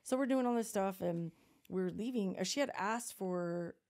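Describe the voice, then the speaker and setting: A woman's voice: mid-range voice, normal speed. A middle-aged woman hosting a podcast, telling stories in a casual chat and acting out voices in her quotes. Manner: animated, acts out voices in quotes. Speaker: podcast host.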